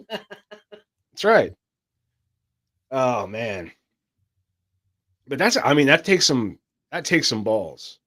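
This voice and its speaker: A man's voice: mid-range voice, very animated, extremely slow, pauses often, fairly bright tone. A man co-hosting a podcast in casual, joking banter, swearing freely. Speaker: podcast co-host.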